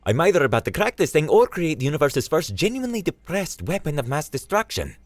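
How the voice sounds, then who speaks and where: A man's voice: on the high side, sing-song, dry recording, soft background music, voice pushed up. A man doing a cocky, sleepless male hacker. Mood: frazzled. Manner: fast, cocky and wisecracking.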